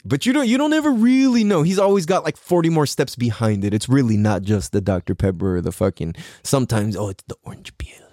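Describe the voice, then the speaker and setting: A man's voice: medium pitch, lively intonation, a little fast, few pauses, warm tone, dry recording, studio quality. A man doing a casual comedic monologue as a podcast host, laughing often, swearing freely and using slang.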